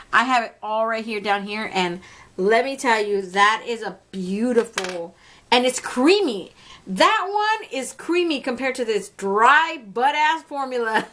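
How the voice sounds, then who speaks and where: A woman's voice: on the high side, a bit bright. A young adult woman reviewing makeup in a casual, candid, chatty way, laughing often and swearing now and then. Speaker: beauty vlogger.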